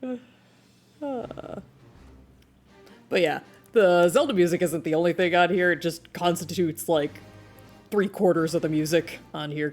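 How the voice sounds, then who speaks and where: A woman's voice: lowish voice, a little mellow. A woman chatting casually with her live-stream viewers while she draws, laughing often. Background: video game music playing.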